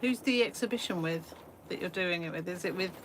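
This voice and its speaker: A woman's voice: on the low side, a little fast. A woman hosting an art live stream from a small shed studio, chatting casually and laughing at herself. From England. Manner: chatty, self-deprecating, rambling with fillers. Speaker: art livestream host. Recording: faint background noise.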